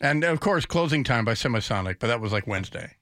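A man's voice: mid-range voice, expressive, fast talker, fairly bright tone, no echo. A man hosting a talk radio show in a studio, rambling off the cuff with sardonic asides. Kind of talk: casual talk radio monologue.

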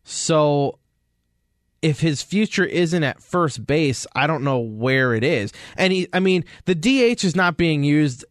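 Recorded cleanly in a studio with no room sound, this male sports podcast co-host speaks a little slowly in a fairly high voice. His casual storytelling is animated, full of acted-out quotes.

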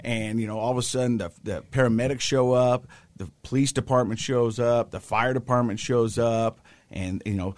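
A middle-aged man co-hosting a casual talk show, telling a story with lively quoted voices. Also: mid-range voice, moderate pace, no echo. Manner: animated storyteller, acts out quotes. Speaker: podcast co-host.

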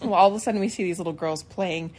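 Racing through her tale with a fairly low-pitched voice, a middle-aged podcast co-host chats casually and performs the voices of everyone she quotes. She's a lively, animated storyteller.

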